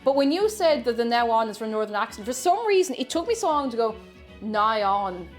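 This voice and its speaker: A woman's voice: fairly high pitch, big pitch swings, fast, a little mellow, faint music behind. A woman chatting casually and playfully while baking on a live stream, rambling and chuckling as she goes.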